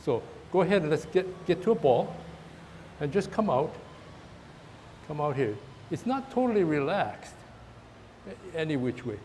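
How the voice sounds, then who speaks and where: A man's voice: a little high, a little mellow. Guy walking his tai chi class through moves, stop-start talk, a bit of hiss behind. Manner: halting, repeats words, talks while demonstrating moves. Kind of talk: outdoor class instruction. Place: park, outdoors.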